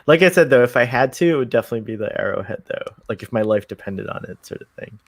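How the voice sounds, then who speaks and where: A man's voice: medium pitch, lively intonation, fast talker. A man from the United States talking casually on a podcast, laughing often between remarks. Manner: laughs often, chatty, friendly. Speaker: podcast guest co-host. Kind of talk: casual chat.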